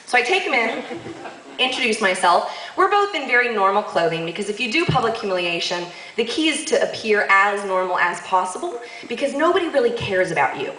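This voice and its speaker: A woman telling a comic story on stage to a live audience, sassy and quick to laugh, with lively asides. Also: medium pitch, echoey room, slight background noise, rough recording.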